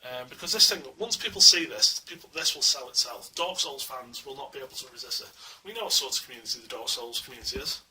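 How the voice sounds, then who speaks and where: On a small camera mic placed some way off, with faint hiss underneath, a fast-talking man reviews a collectible statue from home. His voice is mid-range and he barely pauses, rambling casually and eagerly through lots of fillers.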